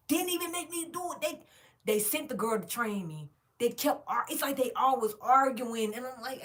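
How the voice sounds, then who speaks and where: A woman's voice: mid-range voice, a little fast. A woman, casually and profanely telling viewers a long story about a job. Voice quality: frank, profane, animated storytelling.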